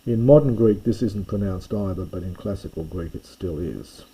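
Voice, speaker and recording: A man's voice: deep voice, moderate pace, dark tone, breathy edge, low-quality recording. A man teaching a recorded lesson on the Greek alphabet, explaining in a loose way and often correcting himself as he goes. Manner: loose, self-correcting explanations with fillers and restarts. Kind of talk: recorded lecture on Greek pronunciation.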